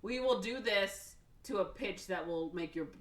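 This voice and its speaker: This podcast co-host speaks unhurriedly in a medium-pitched, slightly bright voice while loosely recounting a movie's plot. She peppers it with "like" and "or whatever" and plays out the characters' dialogue. A far-off mic adds roomy echo.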